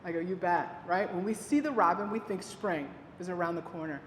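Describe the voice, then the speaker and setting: A woman giving a dementia care talk, telling animated stories and quoting the people she works with. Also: a little fast. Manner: animated storytelling, quoting residents. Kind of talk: storytelling presentation. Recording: echoey hall with faint rumble.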